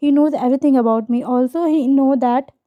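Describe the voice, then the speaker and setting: A woman's voice: high voice, fast, no echo, natural voice. A woman reading a guilt-ridden young mafia husband. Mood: guilty. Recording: dull lo-fi recording.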